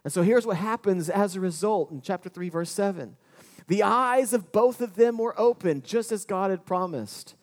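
High-voiced preaching man. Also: moderate pace. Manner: animated preaching, acting out quoted voices with wide swings in pace and loudness. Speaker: pastor. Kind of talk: sermon.

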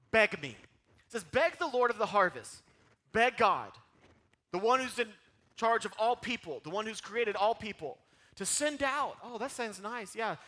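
A high, bright-toned man preaching with wide swings in pitch. He talks in an animated, emphatic way and coaxes the congregation to say lines back to him, sometimes pleading. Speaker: pastor. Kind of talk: sermon.

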